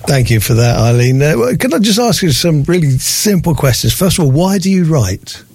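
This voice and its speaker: A man's voice: on the high side, big pitch swings, normal speed, a little mellow, husky, no echo. A man presenting a radio interview, introducing his guest and asking friendly, casual questions.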